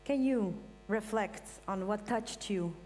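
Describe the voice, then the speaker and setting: A woman hosting a live stage event, thanking the crew and calling people up in a lively, informal way. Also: mid-range voice, slow, soft background music. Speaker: event host. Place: large event hall with audience. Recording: hall reverb, audience, faint hum.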